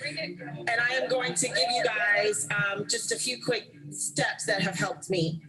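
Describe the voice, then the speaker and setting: Woman, motivational speaker, high-pitched, emphatic, direct to the audience, stage speech. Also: takes it slowly, poor audio. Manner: emphatic, direct address to the crowd.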